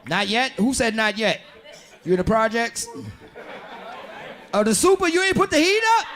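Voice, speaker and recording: A man doing stand-up comedy, loud and animated, talking with the audience and putting on voices for characters. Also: very high-pitched, normal speed. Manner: talks with the audience, asks them questions. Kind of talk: stand-up crowd work. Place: comedy club stage. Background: audience laughing.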